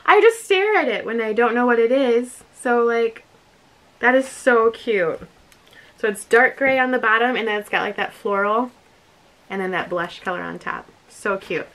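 Young woman unboxing vlogger, lively high voice, gushy and chatty. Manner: gushing, bubbly, says "like" a lot. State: a bit out of breath. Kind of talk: casual unboxing chat.

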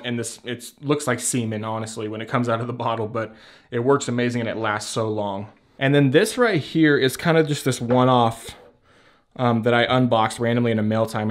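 At home next to a shelf, this man with a mid-range voice does a relaxed beard-product show-and-tell for his vlog. He talks loosely and at length, laughs often, and swears without a second thought, recorded on a handheld camera at arm's length.

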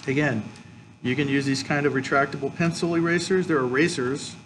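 A man's voice: fairly high pitch, steady tone, a little fast, noisy background. A man teaching a colored pencil drawing lesson, explaining each step as he works. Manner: explains step by step, frequent "okay". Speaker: art teacher. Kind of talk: drawing tutorial with demonstration.

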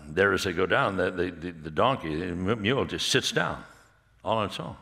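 A man preaching at a marriage conference, telling stories in a rambling, halting way and often laughing. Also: on the low side, bright, forceful tone, long reverb tail. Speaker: pastor speaking at a marriage conference. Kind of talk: conversational sermon with storytelling. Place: church hall.

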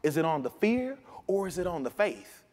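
A man pastor preaching a sermon in a church, impassioned, swinging between quiet reflection and loud urgency. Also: on the high side, very animated, moderate pace, in a large hall. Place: church sanctuary.

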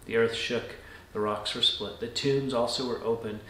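A pastor reading a scripture passage aloud and then reflecting on it in a measured devotional talk, often dropping to a soft, low voice. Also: male voice, steady tone, reverberant.

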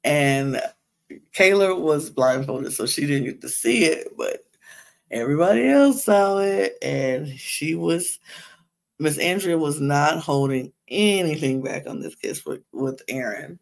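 Slow gravelly gossiping woman. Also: deep voice, animated. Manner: gossipy, chatty, laughs often, repeats herself. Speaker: podcast host. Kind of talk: casual reality show recap.

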